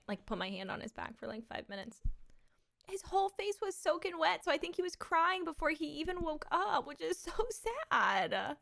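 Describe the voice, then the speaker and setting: A woman streamer chatting casually and excitably with her audience, full of crude jokes and giggles. Her voice sits fairly high, with a bright, sharp edge. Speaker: live streamer. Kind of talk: casual live-stream chat.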